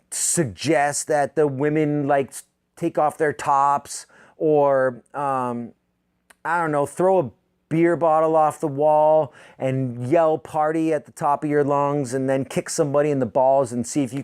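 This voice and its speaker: A man in his thirties rants sardonically into the mic, swearing freely and leaping higher in pitch when heated. His voice sits in an ordinary middle register. The recording is dry and close, with no room around it. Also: no echo. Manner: profane, sardonic ranting with sudden loud pitch jumps. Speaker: podcast host. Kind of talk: comedic rant monologue.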